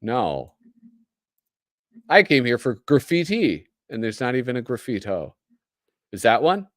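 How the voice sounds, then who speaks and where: Hosting a laid-back livestream, a Midwestern American man reads aloud, chatty and joking, in a medium-pitched, slightly bright voice with big pitch swings and a measured pace. The recording is clean studio sound, free of echo.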